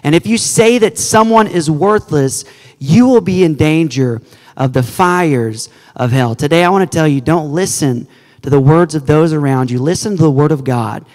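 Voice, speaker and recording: A male pastor with a fairly high voice preaches earnestly and quotes scripture to his congregation. His voice rings with long church-hall reverb. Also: normal speed, darkish tone. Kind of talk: sermon. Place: church sanctuary.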